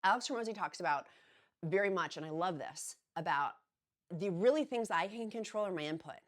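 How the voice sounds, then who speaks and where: A woman's voice: on the low side, expressive, brisk. A middle-aged woman vlogging in a chatty, earnest way, rambling at times and restarting her sentences. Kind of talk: casual encouraging talk to camera.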